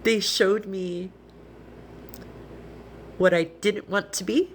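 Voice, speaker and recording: A woman's voice: medium pitch, steady tone, slow pace, a little hiss or hum. Earnest, emotional woman on a live stream. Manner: earnest, heartfelt, rambling with restarts. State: tearful, emotional. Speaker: livestreamer. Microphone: phone.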